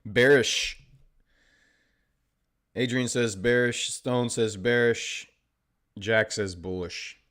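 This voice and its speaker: A man with a medium-pitched, fairly bright voice speaks slowly and pauses often. He's hosting a trading livestream, joking and sarcastic as he chats casually with viewers and reads their comments aloud.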